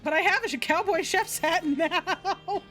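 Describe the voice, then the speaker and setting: A woman's voice: extremely high pitch, measured pace, fairly bright tone, faint music behind. A young woman streaming a game, chatting casually with viewers and reading game text aloud in an upbeat way. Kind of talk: casual gameplay livestream chat.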